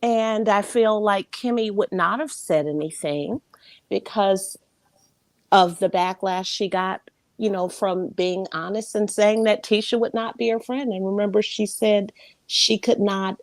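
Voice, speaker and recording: A woman's voice: medium pitch, fairly even intonation, measured pace, no room sound. A woman calling in to a livestream, praising the host and giving earnest opinions. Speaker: caller. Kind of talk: casual call-in chat.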